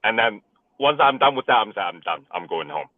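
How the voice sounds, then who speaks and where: A man with a lowish voice gives a hesitant update full of fillers. His audio sounds narrow and tinny like a phone line, and very dry. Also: very animated, moderate pace, no room sound. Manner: soft-spoken, hesitant, many fillers. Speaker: real estate agent on a partners call. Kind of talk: casual update.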